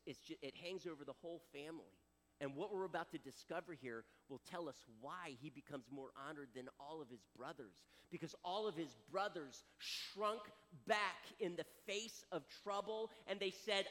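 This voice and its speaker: A man preaches a sermon with a high, lively voice that swoops up and down. He delivers it with dramatic flair in a hall with a long echo. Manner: animated, dramatic preaching with acted quotes. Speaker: pastor.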